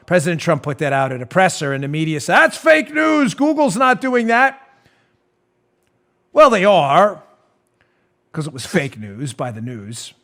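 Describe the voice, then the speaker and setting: Male commentary host with a slightly high voice. Sarcastic and mocking, on a studio mic. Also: fairly bright tone. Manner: sarcastic, mocking, laughs at his own jabs. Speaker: political talk show host. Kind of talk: opinionated commentary.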